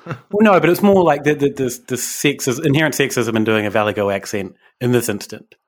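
A man's voice: medium pitch, a little fast. A man co-hosting a casual podcast chat, rambling and hesitant, with lots of fillers and restarts. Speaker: podcast co-host.

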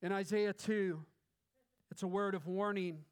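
High-voiced man preaching a sermon. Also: fairly even intonation, measured pace, clean tone. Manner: conversational, with bursts of fervent emphasis; filler-heavy, restarts phrases. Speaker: pastor.

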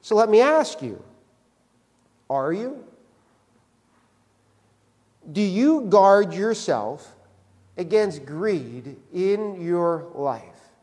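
A man's voice: high-pitched, sing-song, extremely slow, pauses often, a little mellow, long reverb tail. A male pastor preaching a sermon in a church, conversational, often tagging his points with "right?". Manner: conversational, repeats "right?" for emphasis. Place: church sanctuary.

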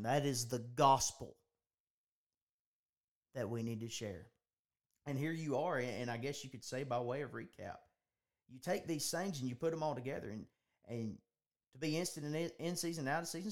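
A man's voice: mid-range voice, moderate pace, pauses often. A man hosting a podcast, talking in an earnest preaching style, often restarting and repeating his phrases. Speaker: podcast host.

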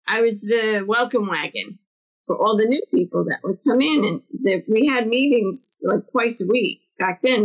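A middle-aged woman from New Jersey, co-hosting a podcast in casual chat and telling stories with lively acted-out quotes. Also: poor audio. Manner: animated storyteller, acts out quotes with big pitch jumps. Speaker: podcast co-host.

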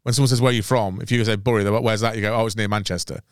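A man from Nottinghamshire, a comedian guest, telling an anecdote quickly and acting out the dialogue. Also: lowish voice, clear, resonant tone, dry recording, clean studio sound. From Sutton-in-Ashfield, Nottinghamshire, England. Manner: animated, fast storytelling, acting out dialogue. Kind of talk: casual chat.

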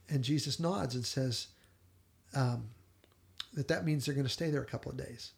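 A man co-hosting a podcast, casually retelling a TV episode in earnest storyteller fashion and quoting its dialogue softly. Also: medium pitch, moderate pace, creaky. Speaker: podcast co-host.

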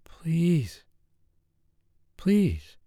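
A man's voice: mid-range voice, very animated, takes it slowly, mellow, no room sound, studio quality, pitched above the performer's own voice. Man voicing a pleading young woman.

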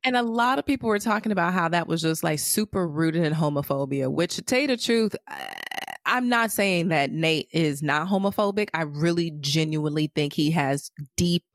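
A woman co-hosting a casual chat about a TV show, animated and profane, who often mimics characters in a higher voice. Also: normal speed, dry recording. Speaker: podcast co-host.

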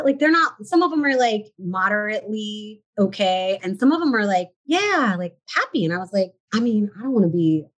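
An American woman in her forties, a shop owner appearing as a podcast guest, candidly tells her story and acts out her past thoughts in quotes. Her voice is medium-pitched, and the recording is rough.

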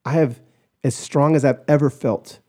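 A man guest on a podcast, telling a personal story in an animated way and acting out the voices of others. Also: mid-range voice, normal speed. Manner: animated, acts out quoted voices, shouts in retelling.

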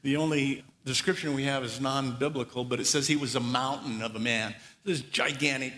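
A man preaching a sermon, telling the story with lively acted-out asides. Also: medium pitch, brisk, in a large hall, a little hiss or hum. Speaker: pastor.

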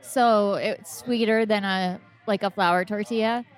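A woman from Minnesota chatting as a podcast guest, eagerly walking through home recipes step by step. Her voice sits at a middle pitch. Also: steady tone, unhurried, faint music behind. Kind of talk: casual chat.

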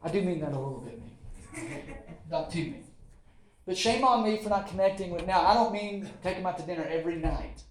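Male Southern pastor, high voice, folksy sermon with repeated lines and asides; roomy church echo. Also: expressive. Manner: folksy preaching, repeats phrases, quick asides and chuckles. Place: church sanctuary.

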